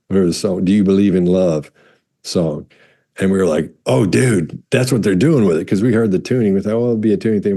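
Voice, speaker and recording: Male explainer, low and mellow, casual and digressive, close compressed mic. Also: slightly rough. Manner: rambling, self-correcting, demonstrates loud and soft speech. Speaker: body language expert answering viewer questions. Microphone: studio mic with compressor.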